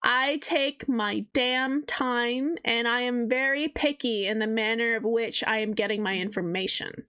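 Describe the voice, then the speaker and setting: Young female streamer, high voice, blunt and foul-mouthed, does mocking voices. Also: a little slow, sharp tone, clear, resonant tone. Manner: blunt, profane, mimics people in sing-song voices. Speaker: streamer and artist. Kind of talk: casual livestream chat.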